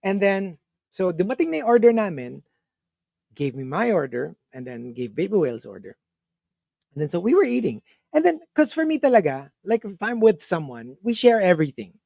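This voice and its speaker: A man's voice: high-pitched, a little fast, gravelly, no echo. A man with a Filipino accent hosting a morning radio show, telling a story in casual chat and mixing English with Tagalog. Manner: animated storyteller, laughs while telling anecdotes. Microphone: studio mic.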